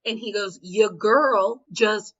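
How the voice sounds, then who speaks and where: A woman's voice: mid-range voice, takes it slowly, highs cut off. A woman co-hosting a podcast, telling bawdy stories with giggles and acted-out quotes. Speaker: podcast co-host. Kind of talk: candid storytelling chat.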